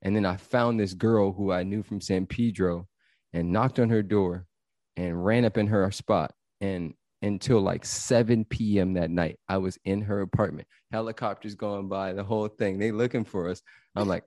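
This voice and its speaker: A man in a casual chat, recalling a youthful escape in a laid-back way, with sudden bursts of excitement. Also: on the low side, normal speed, no echo, studio quality.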